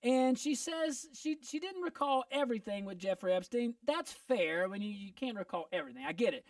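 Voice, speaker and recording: A man hosting a casual radio talk show, upbeat and joking with quick asides. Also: very high-pitched, animated, no room sound, studio quality, recorded from a distance. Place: radio studio.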